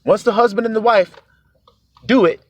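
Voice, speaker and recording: A man preaching a sermon, animated, acting out quoted voices as he goes. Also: sits high, normal speed.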